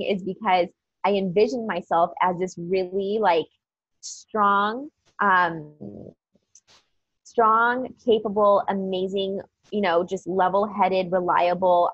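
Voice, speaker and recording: A woman's voice: lowish voice, dry recording. A woman guest on a podcast, chatting earnestly and upbeat about mindset, with lots of fillers. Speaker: podcast guest, business coach. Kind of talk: casual motivational chat. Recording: dull dry lo-fi sound.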